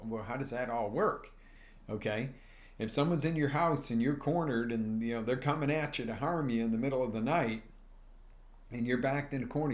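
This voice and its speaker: Speaking in a medium pitch, a male life coach delivers an energetic motivational talk on a live stream, addressing his viewers directly and acting out small scenes as he goes.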